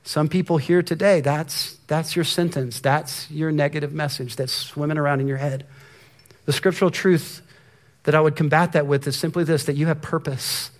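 A man's voice: fairly high pitch, steady tone, normal speed. A middle-aged man giving a sermon, telling a story about his son and at times dropping to a near whisper for emphasis. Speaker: pastor.

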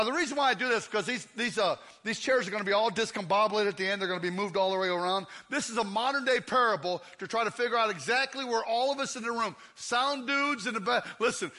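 A man preaching a lively, joking sermon in a church, often shouting out to the crowd. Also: extremely high pitch. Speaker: guest preacher. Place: church sanctuary.

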